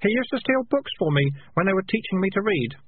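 Man playing an earnest, plain boy, high, phone-thin recording. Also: big pitch swings, quick pace, breathy edge, dry recording, exaggerated voice. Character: earnest, plain-spoken young boy, slow and sincere. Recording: tinny phone-like audio, faint hiss.

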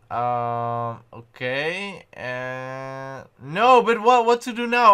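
Excitable bright-voiced young man gaming. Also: medium pitch, very slow, smooth. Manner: excitable, panicky outbursts and self-mocking. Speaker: gaming channel host. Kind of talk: gameplay commentary.

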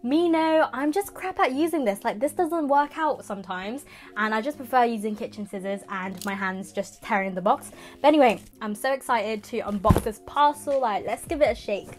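A young woman, unboxing a parcel in a casual vlog, giddy and excitable with exaggerated reactions. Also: on the high side, moderate pace, faint music behind. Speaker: manga vlogger.

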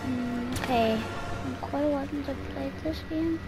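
A woman giving gameplay commentary on her channel, excitable and talking to herself as she plays. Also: sits high, moderate pace, over loud music. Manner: excitable, talks to herself while playing. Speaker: gaming YouTuber.

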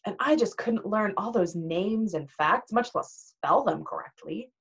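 A woman's voice: medium pitch, a little slow, breathy edge. A woman reading a novel aloud, muffled. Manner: expressive, animated reading. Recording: dull lo-fi recording.

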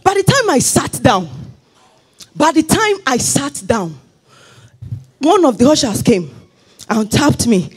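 A woman's voice: high voice, very animated, slow, pauses often. A woman pastor, preaching a fervent sermon in church and slipping into sung phrases.

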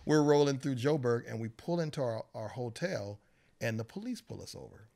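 A man's voice: medium pitch, expressive, moderate pace, gravelly, dark tone. A man, a television writer, telling a story in a casual podcast chat and acting out the other people's lines. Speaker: guest, television writer and showrunner. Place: Los Angeles area.

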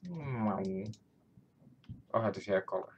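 Slow, chatty Dutch-accented gamer. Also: male voice, lowish voice, dull audio, slight background noise. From Netherlands. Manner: chatty, giggly, self-talking. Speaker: gaming YouTuber. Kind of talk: casual gameplay commentary. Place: home room.

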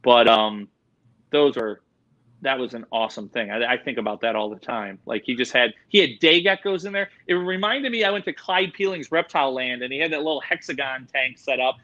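Excitable, bright-voiced man telling stories. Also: medium pitch, fairly quick, highs cut off. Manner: animated, excitable, slangy, says "dude" and "like" a lot. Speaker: animal expert guest. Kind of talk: casual storytelling in a podcast interview.

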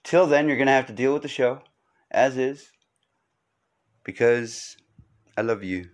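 A man's voice: mid-range voice, a little slow. A man hosting his own podcast, giving a rambling comedic monologue full of wry asides and fillers. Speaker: podcast host.

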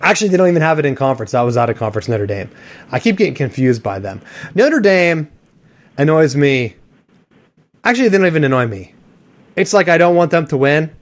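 A man's voice: a little high, big pitch swings, a little fast, long pauses. A man hosting a sports podcast, rambling and joking in casual chat with a co-host.

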